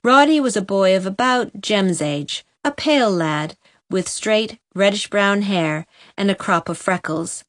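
Unhurried woman reading a storybook. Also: medium pitch, expressive, a bit bright, no room sound, clean studio sound. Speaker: narrator. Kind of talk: audiobook storybook narration.

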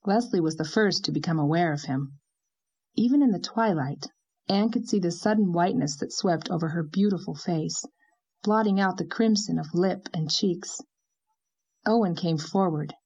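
A woman with a low voice narrates a classic novel. Her reading is measured and gently expressive. The recording sounds dull and lo-fi. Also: husky. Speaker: audiobook narrator.

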